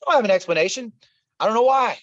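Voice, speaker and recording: A man's voice: sits high, expressive, rapid-fire, no room sound. Earnest storytelling man, dull dry audio. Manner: earnest, repeats himself, addresses listeners as y'all. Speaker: interview guest. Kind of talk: emotional personal storytelling. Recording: dull, slightly lo-fi dry sound.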